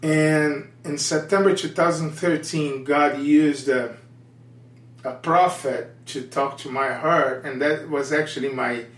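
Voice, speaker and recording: A Brazilian-accented man, a Portuguese speaker using English, tells a personal testimony in a candid, earnest way, often restarting his phrases. His voice sits a bit high for a man, and he speaks slowly. The sound is roomy and echoey, picked up from some distance off the mic. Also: steady tone. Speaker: missionary guest.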